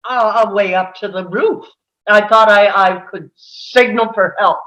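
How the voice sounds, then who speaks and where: A woman's voice: mid-range voice, a little slow, fairly bright tone, dull audio, lightly acted. A woman reading the part of a frightened male villain posing as a hostage, stammering and pleading in a table read over a video call. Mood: scared, pleading.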